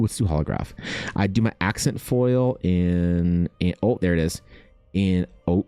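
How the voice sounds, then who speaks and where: Excitable, swearing young man with a lively voice. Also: deep voice, measured pace, dry recording, soft background music. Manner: excitable, swears a lot, thinks aloud. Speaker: art streamer. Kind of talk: casual livestream chat.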